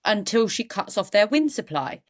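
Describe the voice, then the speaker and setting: A woman tells a true-crime story in a relaxed, chatty way. Her voice sits at an ordinary middle pitch, and she often breaks off into wry jokes about the case. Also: moderate pace. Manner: chatty, goes off on jokey asides. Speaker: podcast co-host.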